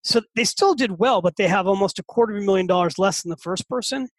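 A man in his fifties, a podcast guest and author telling a story in a lively, animated way and often repeating words as he gets excited. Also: high voice, fast, no echo, low-quality recording. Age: 50s. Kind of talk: casual storytelling.

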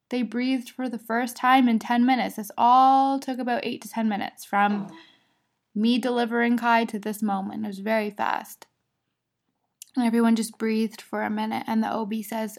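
A woman's voice: a little high, steady tone, a little slow. A young adult woman hosting a podcast, candidly telling her own birth story with laughs and quoted voices. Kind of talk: personal storytelling.

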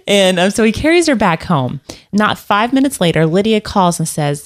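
A woman's voice: medium pitch, sing-song, moderate pace. A woman telling a personal story in casual conversation, rambling with fillers and restarts. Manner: rambling, many restarts and fillers, laughs often.

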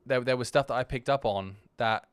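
A man's voice: mid-range voice, brisk, smooth, no room sound, clean studio sound. A man hosting a podcast, giving casual, candid commentary on his own video in a rambling way full of restarts. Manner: candid and self-deprecating. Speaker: podcast host.

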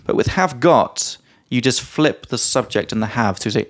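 A man co-hosting a podcast, explaining English grammar in a relaxed chatty way with lots of examples and the odd swear word. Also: mid-range voice, moderate pace, hardly any pauses. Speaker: podcast co-host and English teacher. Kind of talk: casual teaching chat.

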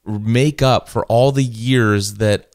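A man in his forties on a podcast, telling a family story in a lively way and quoting himself. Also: medium pitch, takes it slowly, dry recording, studio quality. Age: 40s. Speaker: podcast host. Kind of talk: casual chat.

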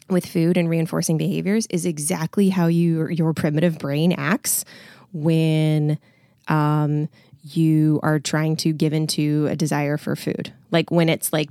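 Casting: woman podcaster and coach with a lowish voice, reads aloud then chats loosely, dry close sound. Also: darkish tone, no room sound. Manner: conversational, frequent filler words. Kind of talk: reading from a book aloud with casual commentary.

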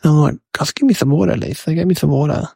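A man's voice: on the high side, racing, creaky, dark tone, breathy edge, no echo. A man voicing a mischievous, chatty young boy who rambles to the viewers in a comedic monologue. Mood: rambling. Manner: rambling, addresses viewers as guys.

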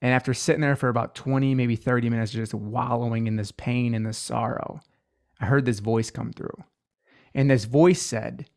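Man, twenties, podcast guest, earnest, reflective, mid-pitched voice. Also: steady tone, normal speed, a little mellow. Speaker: podcast guest, healing coach. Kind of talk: personal story in an interview.

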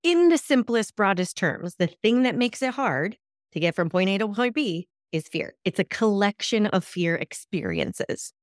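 Woman hosting a lively self-help podcast. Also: medium pitch, normal speed, dry recording, clean studio sound. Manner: lively coaching tone, acts out imagined reactions. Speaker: podcast host.

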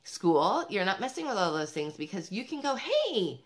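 Brisk and very animated, this medium-pitched woman speaks to camera as a parenting vlogger. Her motivational talk is emphatic and upbeat, aimed squarely at other mothers, with laughs between points.

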